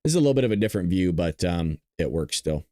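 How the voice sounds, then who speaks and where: A man hosting a political commentary show who talks bluntly, swears, and gets animated. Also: deep voice, fast talker, heavy background noise. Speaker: host.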